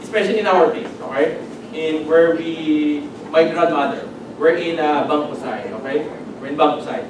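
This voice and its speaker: A man's voice: fairly high pitch, moderate pace. A man from the Philippines with a Filipino accent, preaching a conversational sermon and checking in with the congregation by asking "okay?". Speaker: pastor. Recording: echoey hall, distant mic, background noise.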